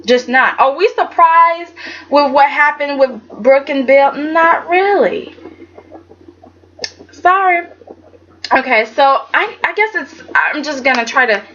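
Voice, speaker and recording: A woman reviewing a soap opera episode in casual chat, animated and chatty, acting out quotes in dramatic voices. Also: high-pitched, takes it slowly. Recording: dull lo-fi sound with faint background noise.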